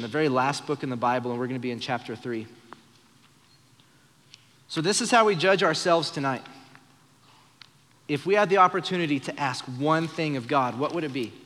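A young man with a slightly high voice preaches in earnest, playing out quoted lines with shifting voices. The long reverb of a church hall trails behind every phrase, as at a live evening service. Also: a bit bright. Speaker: pastor. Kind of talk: sermon.

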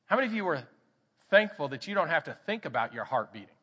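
Bright-voiced Texan pastor preaching in a hall. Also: male voice, on the high side, fast talker, husky. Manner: animated storytelling, acts out quoted voices. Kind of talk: sermon with storytelling. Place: church sanctuary. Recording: church hall reverb.

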